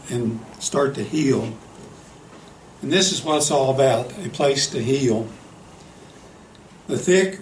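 A man preaching a sermon, telling a story in an earnest, unhurried way and often saying "you know". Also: mid-range voice, slight background noise. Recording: echoey hall, faint ambience.

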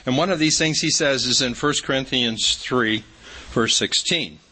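A man's voice: mid-range voice, moderate pace, sharp tone, slightly rough, rough recording. A man preaching a sermon in a folksy, storytelling way, with emphatic repetition.

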